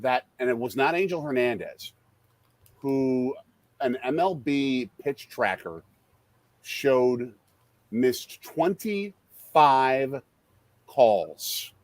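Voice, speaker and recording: A middle-aged man hosting a casual live-stream chat, a father who talks through a baseball game with quick excitable outbursts. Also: medium pitch, dry recording. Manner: animated, excitable, jumps into loud outbursts. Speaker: podcast host and father.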